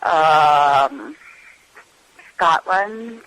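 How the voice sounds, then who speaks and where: A woman's voice: low voice, expressive, drawn-out words, a bit bright, low-quality recording. An actress being interviewed, reminiscing about her films and often trailing off as she searches for memories.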